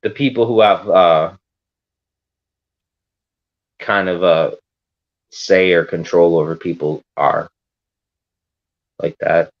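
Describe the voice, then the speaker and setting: A man holds forth on a livestream in a rambling rant, full of swearing and defiance. His voice sits a bit low, and he talks in loose, run-on stretches. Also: fairly even intonation, slow, long pauses, highs cut off.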